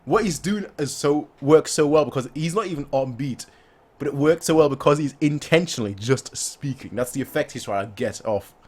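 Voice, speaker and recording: A man's voice: fairly high pitch, expressive, fairly quick, darkish tone, slightly rough. A man hosting a reaction video, giving casual commentary and often stammering and restarting his sentences.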